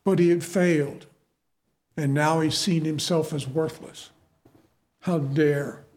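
A man's voice: a little high, steady tone, measured pace, a little mellow. A middle-aged man preaching a sermon in a conversational, self-deprecating way, full of asides to the listeners.

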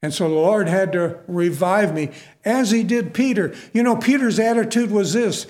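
A man's voice: high voice, moderate pace, darkish tone. A middle-aged man preaching a sermon in a conversational, self-deprecating way, full of asides to the listeners.

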